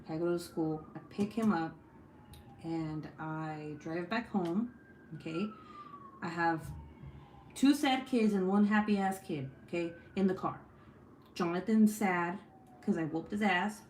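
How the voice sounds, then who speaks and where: A young adult woman and mother, chatting casually while crafting at home, telling a story with lots of swearing and lively voice shifts. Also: fairly low pitch, roomy sound, slight background noise. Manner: profane, animated storytelling. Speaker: vlogger, mom.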